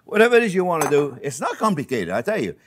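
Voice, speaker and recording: With a quick pace and wildly swooping pitch, an older Frenchman speaks in a voice on the high side, his French accent clear. He hosts a relaxed cooking demo, chatty and amused at himself, laughing at his own remarks and repeatedly addressing viewers as friends.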